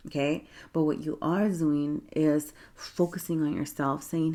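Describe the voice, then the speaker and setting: A woman's voice: deep voice, little pitch movement, a little slow, warm tone. A woman giving a chatty, encouraging tarot reading, laughing often and checking in with "okay?". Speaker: tarot reader. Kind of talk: casual tarot reading to camera.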